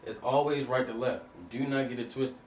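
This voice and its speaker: A man's voice: medium pitch, steady tone, moderate pace. A man giving an informal lesson over slides, casual and repetitive, often checking that the listener understands. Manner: repetitive, keeps asking "you understand that?"; casual, street-style phrasing. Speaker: Hebrew teacher. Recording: roomy, distant mic, faint noise.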